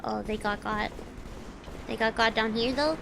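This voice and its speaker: A woman's voice: on the high side, unhurried, creaky, noisy background. A young woman streaming a game, exclaiming, swearing and raging at her matches. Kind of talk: live gameplay commentary.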